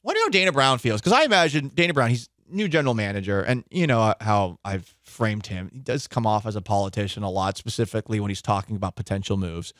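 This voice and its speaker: A man's voice: on the low side, animated, quick pace, hardly any pauses, fairly bright tone, no room sound, studio quality. Opinionated man on sports radio. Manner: opinionated, conversational, self-correcting. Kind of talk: sports talk radio commentary. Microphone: studio microphone.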